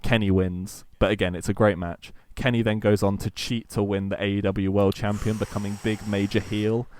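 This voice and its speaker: A man's voice: lowish voice, little pitch movement, normal speed, darkish tone, slight background noise. A man cohosting a casual podcast chat, eagerly retelling a long story and acting out quotes between many fillers.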